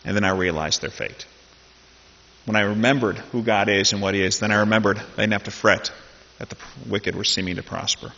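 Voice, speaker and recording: Male pastor, chatty sermon delivery, husky voice in a dull, echoing church hall. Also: medium pitch, bright, forceful tone. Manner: conversational, joking asides, repeats phrases. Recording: dull lo-fi sound in a reverberant hall.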